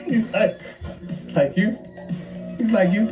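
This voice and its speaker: Man, ex-player, animated storyteller, slow and high, laughing. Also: muffled recording, over music. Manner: animated, laughing, repeats himself. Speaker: former basketball player. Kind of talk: casual anecdote on a talk show.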